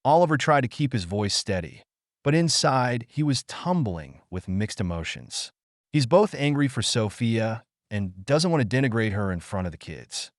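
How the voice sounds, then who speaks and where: A man reads a melodramatic audio story from a script, delivering it dramatically with lively pitch movement. He speaks at a normal speed, and the recording is close and dry with no room sound.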